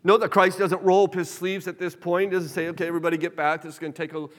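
A man preaching a sermon in a church, animated, shifting his pace and loudness. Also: high voice, fast talker. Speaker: pastor. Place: church sanctuary. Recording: reverberant hall.

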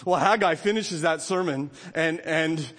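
A man delivers an impassioned sermon from the pulpit, his voice pitched high and climbing to emphatic peaks. A long reverb trails each phrase, as if he is filling a large church sanctuary. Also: unhurried, a bit bright. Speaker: pastor.

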